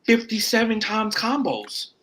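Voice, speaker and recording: A man from Florida, a wrestler guesting on a podcast, telling a rambling story full of quoted self-talk and quick asides. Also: high voice, very animated, bright, forceful tone, poor audio. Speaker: indie pro wrestler guest. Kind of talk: casual podcast chat.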